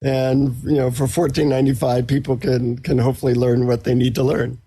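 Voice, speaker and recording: Husky middle-aged man telling stories. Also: medium pitch, a little fast. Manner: relaxed, self-deprecating, anecdotal. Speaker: guest author and psychotherapist. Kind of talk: casual interview storytelling.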